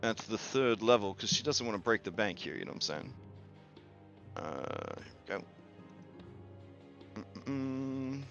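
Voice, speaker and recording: A man running a tabletop game as game master, casual and quick with jokes and swearing. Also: fairly low pitch, animated, creaky, a bit bright, lo-fi sound, faint music behind.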